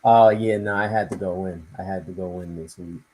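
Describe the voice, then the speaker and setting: Man, guest, very deep dark voice, husky, relaxed slang. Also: fairly quick, poor audio. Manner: laid-back, relaxed slang. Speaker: guest artist. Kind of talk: casual live-stream chat.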